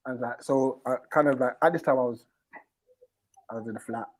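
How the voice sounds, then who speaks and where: A man telling a long personal story in casual chat, animated and full of slang and fillers. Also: mid-range voice, a little fast, rough recording. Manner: animated, acts out quoted people in a raised voice. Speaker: stream host.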